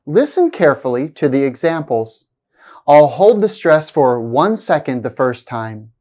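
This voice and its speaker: Slow, lively-toned woman teaching pronunciation. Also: low voice. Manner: slow, deliberate, repeats example words with exaggerated stress. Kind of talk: scripted pronunciation lesson.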